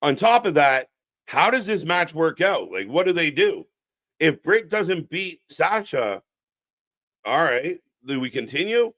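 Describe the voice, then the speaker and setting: A man's voice: on the high side, sing-song, a little slow, fairly bright tone. A man hosting a live wrestling watch-along stream, riffing bluntly and sarcastically with lots of swearing while talking to the chat. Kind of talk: unscripted live alternative commentary.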